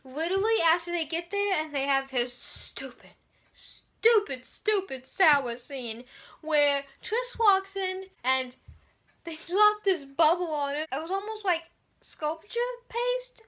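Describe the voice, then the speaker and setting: A woman's voice: very high voice, animated, takes it slowly, bright, forceful tone. A woman reviewing a movie in a casual, sarcastic, exasperated rant, swearing freely.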